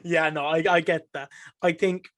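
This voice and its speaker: Man, Irish accent, higher pitch, animated, casual podcast chat. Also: normal speed, dry recording, clean studio sound. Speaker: podcast guest.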